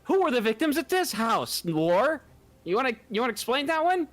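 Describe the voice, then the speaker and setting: A game master narrating a tabletop game over a USB condenser mic, with playful deadpan running jokes. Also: high-pitched, brisk. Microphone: studio condenser USB mic.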